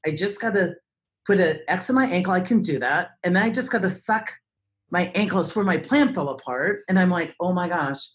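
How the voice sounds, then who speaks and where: A woman in her forties tells a story as an interview guest, in a voice that sits on the lower side. She is theatrical and expressive, and she acts out other people's lines with big swings in her pitch. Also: a little fast. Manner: animated, dramatic storyteller who acts out voices. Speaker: speaker and trainer.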